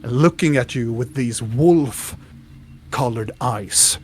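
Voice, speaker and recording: A man's voice: mid-range voice, slow, slight background noise. A man narrating a tabletop game as game master, describing scenes with frequent restarts.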